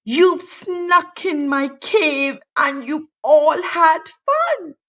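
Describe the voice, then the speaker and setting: A grumpy, sulky big bear grumbles that he was left out of the fun, as a woman reads him in a storybook. The voice sits high and swings widely. The recording sounds dull and lo-fi. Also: lively intonation, extremely slow, fairly bright tone, far from the mic, heavily acted. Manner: sulky, complaining.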